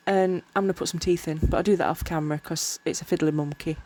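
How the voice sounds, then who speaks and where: Tired lady rambling thru a craft vlog, kinda low voice, keeps tripping on her words. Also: fairly even intonation, quick pace, darkish tone. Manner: rambling, self-mocking, often tripping over words. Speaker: miniature crafter. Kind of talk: casual crafting vlog narration.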